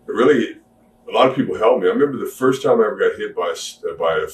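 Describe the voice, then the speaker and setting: Deep-voiced man telling laid-back stories. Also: lively intonation, fast. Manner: laid-back, rambling, self-deprecating humor. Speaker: interview guest, former wrestler. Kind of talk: casual storytelling interview. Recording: echoey room, distant mic, faint hiss.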